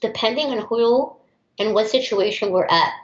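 A woman's voice: fairly high pitch, normal speed. Outspoken woman in a roomy, dull recording. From United States. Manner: outspoken and emphatic, acts out others' voices. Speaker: teacher. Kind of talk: interview answers, personal storytelling.

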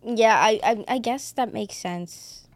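A woman's voice: a little high, slow, dry recording, studio quality. Blunt, sarcastic woman podcast guest. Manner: blunt, sarcastic, swears freely. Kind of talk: casual chat.

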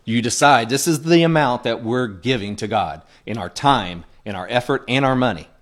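A man preaching in an earnest, plainspoken way, his voice sitting at an ordinary middle pitch. He talks to the congregation like a conversation, pausing to check in with them as he teaches. His sermon style is relaxed and direct rather than showy. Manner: frequent checking-in asides to the congregation. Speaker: pastor.

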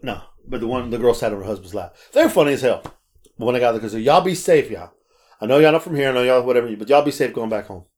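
A man telling stories in a casual chat, animated and swearing freely. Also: mid-range voice, fast talker. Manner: animated storyteller, acts out quotes, swears freely. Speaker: podcast co-host.

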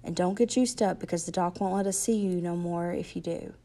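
A woman's voice: on the low side, steady tone, brisk, dark tone, close to an everyday voice. A woman reading aloud, voicing a worried teenage boy who reassures a friend with forced firmness. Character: worried teenage boy trying to sound brave.

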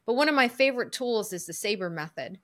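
A middle-aged woman, a coach, telling a personal story as a podcast guest in an earnest, lively way. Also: on the high side, fast. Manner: lively, earnest storyteller who acts out her own inner voice.

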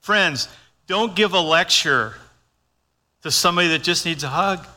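Older male pastor with a bright, slightly high voice, folksy and conversational, preaching in a church with long reverb. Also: a little slow. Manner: folksy, conversational, acts out his own lines. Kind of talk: sermon.

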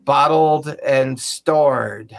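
A man acting as game master, voicing a merchant in a tabletop game with a casual, halting manner. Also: mid-range voice, vocal fry. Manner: casual, halting, laughs often.

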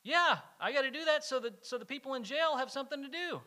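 A grown man explaining his odd logic in an earnest, matter-of-fact way, as a male preacher puts him on. The voice sits noticeably higher than the speaker's own. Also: expressive, fast talker, bright, forceful tone, exaggerated voice.

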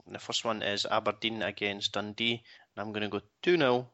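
A Scottish man with a fairly low, bright, forceful voice hosts a casual podcast chat. He moves things along briskly and plainly. The sound is dull and lo-fi. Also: level tone. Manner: leads the segment in a brisk, matter-of-fact way. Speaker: podcast host.

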